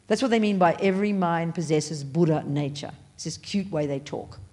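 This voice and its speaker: Emphatic woman Buddhist teacher, fairly low voice. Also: darkish tone. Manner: emphatic, blunt and playful; pitch leaps up on stressed words. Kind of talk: teaching a class. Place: meditation center classroom.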